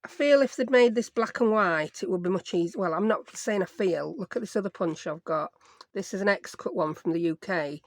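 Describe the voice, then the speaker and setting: A woman's voice: mid-range voice, normal speed, no room sound. Chatty woman crafting. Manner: chatty, self-mocking, talks to herself while working. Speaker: crafting YouTuber. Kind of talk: casual craft tutorial.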